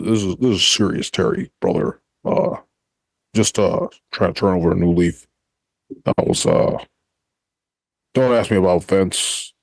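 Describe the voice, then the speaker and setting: A man doing an impression of a rambling, boastful older male pro-wrestling star on a podcast, in a gravelly drawl. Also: low-pitched, darkish tone, no echo. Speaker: podcast co-host.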